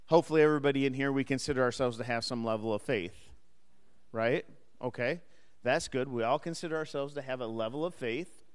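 A man's voice: medium pitch, brisk, clean tone, long reverb tail. A man teaching an adult Sunday school class, speaking conversationally, asking the class questions and joking lightly with them. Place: church classroom or hall.

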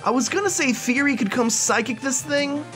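A man's voice: extremely high pitch, moderate pace, fairly bright tone, soft background music. A man hosting a let's play, giving casual gameplay commentary in a chatty, jokey, rambling way.

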